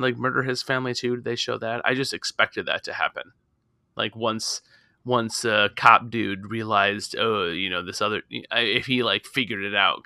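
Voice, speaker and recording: A man on a casual movie podcast with a gravelly, bright voice that sounds close to the mic. He gets animated and swears freely as he picks the characters apart. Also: mid-range voice, dry recording. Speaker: podcast co-host.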